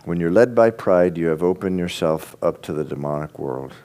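Guy preaching a sermon, voice jumps all over, gets loud then drops real quiet. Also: low-pitched, normal speed. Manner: animated, swings from loud bursts to quiet intensity. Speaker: pastor.

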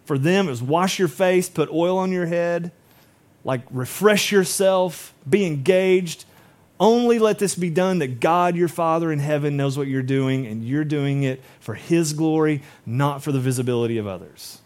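A man's voice: a little high, moderate pace, a little mellow. Conversational male pastor preaching. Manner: conversational, acts out quoted voices. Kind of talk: sermon.

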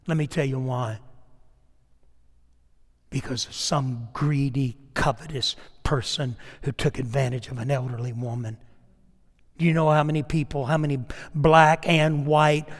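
A man's voice: mid-range voice, fairly even intonation, unhurried. Preaching man in a reverberant hall. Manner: preaching with swings from hushed asides to loud emphatic peaks. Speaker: pastor. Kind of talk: sermon.

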